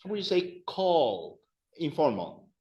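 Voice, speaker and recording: Guy teaching spanish class, slow and patient, repeats stuff, fairly high voice, echoey room. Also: sing-song, dark tone, muffled recording. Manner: patient, repeats phrases for drilling.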